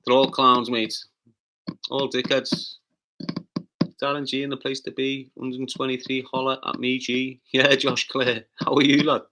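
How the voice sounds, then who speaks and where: A man with a Liverpool accent hosting a casual livestream, reading out chat comments with brash, sweary, rapid-fire banter and loud taunting outbursts. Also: medium pitch, flat delivery. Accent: Liverpool (Scouse). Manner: bursts into loud taunting rants.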